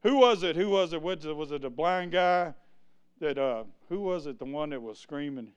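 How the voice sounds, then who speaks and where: A male preacher giving an exuberant sermon, breaking into sudden shouts and asking the congregation to answer him. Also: on the high side, animated, moderate pace, clear, resonant tone, lo-fi sound.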